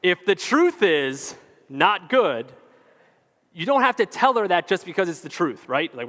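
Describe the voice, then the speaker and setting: A man's voice: on the high side, expressive, normal speed, fairly bright tone. A man preaching a casual, joking sermon as a pastor. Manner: conversational, jokey, acts out quoted voices. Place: church hall with long reverb. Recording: reverberant church hall.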